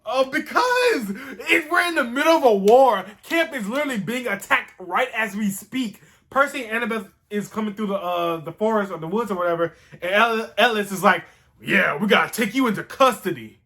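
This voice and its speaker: A man with a notably high voice for his sex rambles through a casual recap. He sounds animated and excitable and swears freely as he talks. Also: a little fast, few pauses. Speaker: show host reviewing a TV series.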